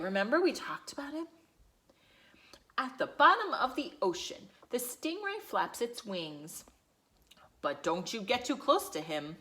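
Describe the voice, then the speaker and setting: Lively woman reading to little kids. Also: mid-range voice, measured pace. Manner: animated, sing-song storytelling with whispers and gasps. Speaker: preschool teacher. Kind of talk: reading a picture book aloud to young children.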